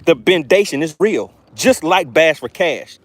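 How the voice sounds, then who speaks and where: A man hosting a live fishing stream from a boat on a lake, excitable and playful as he reads the chat aloud. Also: a little high, measured pace, dry recording. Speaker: fishing channel host.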